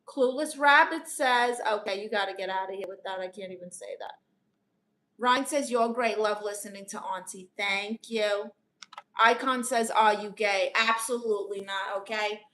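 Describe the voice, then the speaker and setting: A woman's voice: mid-range voice, moderate pace, fairly bright tone. A woman with a New York accent on a live stream, reading viewers' comments aloud and answering them as a chatty, playful aunt who calls people honey. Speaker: live streamer giving advice.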